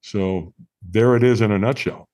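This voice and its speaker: A man in his sixties from the United States, a podcast guest telling his own story in an earnest, animated way with frequent fillers and restarts. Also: fairly low pitch, normal speed. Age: 60s. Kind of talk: conversational storytelling interview.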